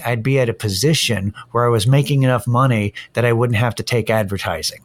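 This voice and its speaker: A middle-aged man hosting a casual solo podcast, ranting in an irritated, profane way. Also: medium pitch. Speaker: podcast host. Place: Austin-area home setting.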